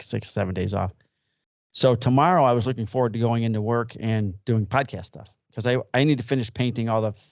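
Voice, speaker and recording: A man's voice: fairly low pitch, vocal fry, darkish tone, no echo, muffled recording. A middle-aged man hosting a podcast, chatting in an easygoing, rambling way with plenty of ums. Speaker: podcast host. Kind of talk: casual chat.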